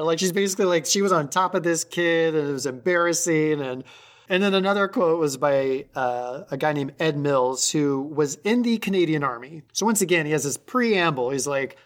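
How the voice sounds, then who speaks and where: A woman co-hosting a podcast in casual chat, telling stories animatedly. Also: normal speed. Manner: animated storyteller, jumps high on excited lines. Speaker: podcast co-host.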